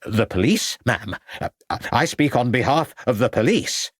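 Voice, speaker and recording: A man's voice: mid-range voice, expressive, a little slow, no room sound, studio quality. A man voicing a pompous, gallant small-town journalist with a formal way of speaking.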